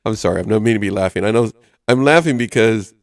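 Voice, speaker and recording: Low-voiced man hosting a talk show. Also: fast talker, no echo, clean studio sound. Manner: chatty, reads list items aloud, chuckles often. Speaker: host. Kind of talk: casual radio talk show.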